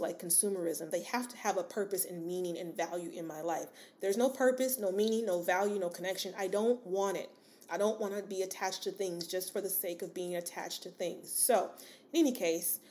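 A woman's voice: medium pitch, a little mellow. Chatty woman podcast host. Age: adult with a daughter. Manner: casual, chatty, rambling with many fillers and asides; addresses listener as sis, encouraging. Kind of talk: solo podcast monologue.

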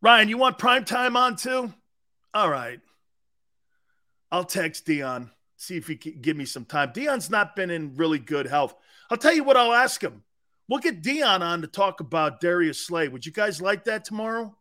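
Excitable high-voiced sports show host. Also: male voice, normal speed. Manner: animated, joking, jumps between chat comments. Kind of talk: live-stream sports talk, reading chat.

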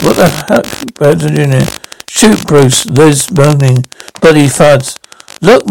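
A man's voice: on the high side, gravelly, darkish tone, rough recording. A man reading a crime drama scene aloud, voicing every part and speaking the stage directions too. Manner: reads stage directions aloud between the characters' lines. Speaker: reader performing all parts.

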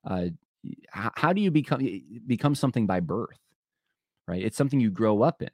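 A man's voice: on the low side, expressive, moderate pace, no echo, studio quality. A man hosting a solo podcast, thinking aloud in a conversational way, often restarting his sentences and speaking straight to his listeners. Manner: conversational, addresses listeners directly. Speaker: podcast host.

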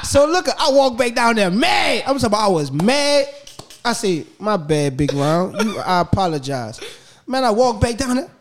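A man, pitched fairly high for a man, tells a story on a podcast in loose, animated talk. He slips into the voices of the people he describes and laughs often. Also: moderate pace. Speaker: podcast guest. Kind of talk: casual storytelling.

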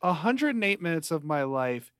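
A young man co-hosting a podcast, chatting casually and ranting at his friend in mock anger, with a dry deadpan delivery. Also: fairly high pitch, moderate pace, smooth, no echo. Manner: mock-angry deadpan rants. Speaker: podcast co-host. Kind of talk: casual chat.

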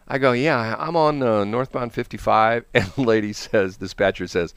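A man's voice: fairly low pitch, normal speed, few pauses, clean tone, no echo, clean studio sound. A man hosting a morning radio show, telling a rambling story with frequent laughs, from the Midwestern United States. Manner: rambling, animated, laughs often. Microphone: studio microphone.

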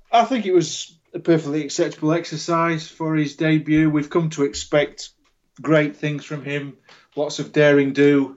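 A man's voice: mid-range voice, lo-fi sound. A boxing writer from Yorkshire with a Yorkshire accent, a man speaking as a remote podcast guest with dry, understated humor. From Yorkshire, England.

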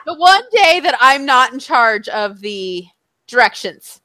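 A woman co-hosting a casual chat, telling a story in an animated way, swearing freely and acting out what people said. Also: sits high, a little slow, low-quality recording.

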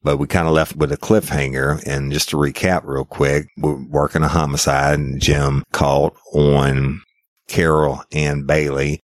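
With an extremely low, level voice, this podcast host takes his time, chatting casually in a folksy drawl and saying "y'all." The studio sound is clean, with no room echo.

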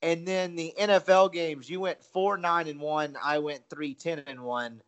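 High-voiced chatty sports podcast host. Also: male voice, fairly even intonation, measured pace, a bit bright. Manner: chatty, self-deprecating, rambling. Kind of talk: casual sports betting chat.

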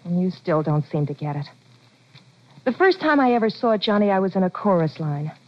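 A woman's voice: on the low side, lively intonation, fairly quick, natural voice. A woman playing an anxious, devoted boxer's wife in 1940s radio acting, earnest and pleading. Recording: dull lo-fi old radio recording.

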